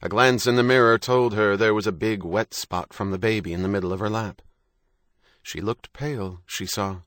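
A man reading a novel aloud in steady, even narration. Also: fairly low pitch, moderate pace, no echo, studio quality. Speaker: audiobook narrator. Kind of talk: scripted narration.

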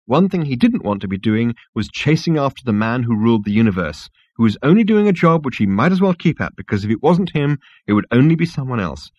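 A man reads a comic story aloud in a wry, expressive manner. His pitch moves lively through each sentence. The recording is dry and a little dull. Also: a little fast, few pauses, no echo. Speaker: audiobook narrator. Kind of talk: scripted comic narration.

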